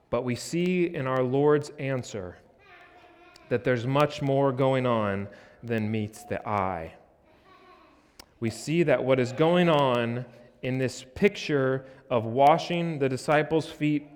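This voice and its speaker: An American man delivers a sermon at an unhurried, deliberate pace, leaning hard into the words he wants to land. His voice carries a long, trailing reverb from the church sanctuary around him. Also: medium pitch. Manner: earnest, emphatic preaching with forceful rises. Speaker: pastor.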